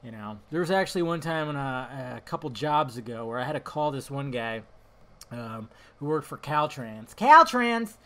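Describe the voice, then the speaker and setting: On his own podcast, this young adult man rambles loosely between subjects, often going off on tangents and cursing. He speaks at a moderate pace in a mid-range, fairly bright voice.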